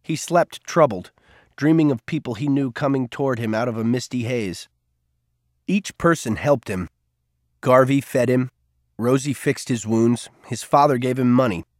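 A man narrating a novel in an even, steady storytelling voice. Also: mid-range voice, normal speed, no echo, studio quality. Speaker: audiobook narrator. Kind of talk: scripted narration.

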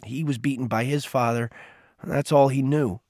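A man's voice: mid-range voice, fairly even intonation, normal speed, a little mellow, no room sound, clean studio sound, close to an everyday voice. A man voicing a troubled teenage boy who speaks in a subdued, remorseful way.

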